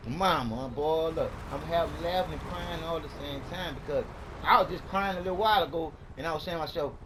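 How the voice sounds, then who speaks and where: A man's voice: fairly high pitch, fairly quick. A man delivering a repetitive, profane, emphatic monologue, preaching at the camera. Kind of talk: casual rambling monologue. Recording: loud traffic and sirens behind.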